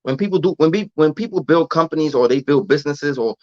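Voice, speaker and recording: A man's voice: fairly high pitch, animated, fast, darkish tone, no room sound, lo-fi sound. A man chatting casually on a livestream, loose and slangy, often restarting and repeating his words. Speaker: vlogger answering live chat.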